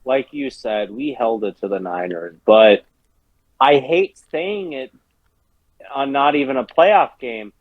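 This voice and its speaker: A man's voice: medium pitch, slow pace, no room sound, phone-quality sound. A man co-hosting a casual sports podcast, ranting and cursing while gaming on a headset, a little drunk. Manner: profane, heated ranting. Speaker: podcast co-host.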